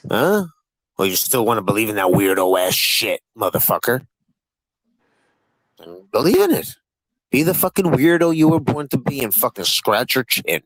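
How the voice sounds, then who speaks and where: Running a relaxed live-stream panel, this man pesters the other guests with crude, prodding questions. He speaks at a moderate pace in an expressive, mid-pitched voice. The audio is dry and close-miked, free of echo.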